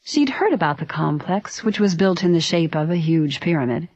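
A woman narrating a story aloud in a steady, even reading voice. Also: low-pitched, normal speed, dry recording. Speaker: audiobook narrator. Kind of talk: scripted narration. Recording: dry, slightly dull recording.

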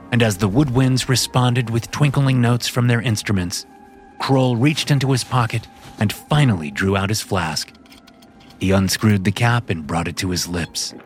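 A man giving scripted audiobook narration in a measured storytelling manner. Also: lowish voice. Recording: narration with music bed. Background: music.

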